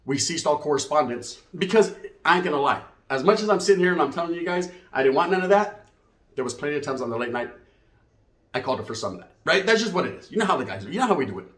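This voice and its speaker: A man's voice: on the high side, expressive, quick pace, fairly bright tone. Slangy storyteller man. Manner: streetwise slang, tags lines with "right?". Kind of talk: comedic storytelling. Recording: roomy echo.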